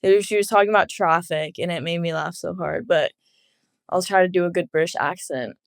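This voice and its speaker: A woman's voice: on the low side, a little fast, creaky, no echo, clean studio sound. A young woman guest in a casual podcast interview, chatty and giggly. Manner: giggly, chatty, many fillers. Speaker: guest athlete.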